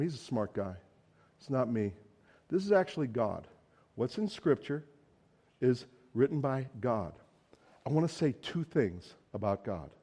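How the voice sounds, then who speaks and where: Mellow, conversational preacher man. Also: mid-range voice. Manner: conversational storytelling, casual asides. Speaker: pastor. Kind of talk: sermon.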